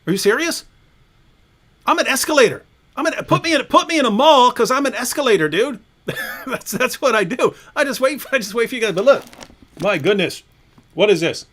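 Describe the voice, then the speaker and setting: A man's voice: very high voice, animated, a little fast, long pauses, fairly bright tone. A man hosting a livestream, ranting in a mocking, taunting way and laughing often. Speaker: livestream host. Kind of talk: provocative livestream rant.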